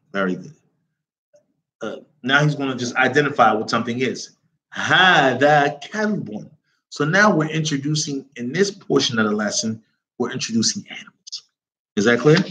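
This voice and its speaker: A man's voice: mid-range voice, a bit bright. A man teaching an Arabic lesson who keeps checking on his class with repeated questions, reading phrases aloud and then explaining them in English.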